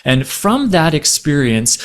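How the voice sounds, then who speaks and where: A man giving a relationship talk, explaining gently through a story and acting out the quoted voices. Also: fairly high pitch, big pitch swings, slow pace. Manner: acts out quoted voices in stories. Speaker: relationship speaker.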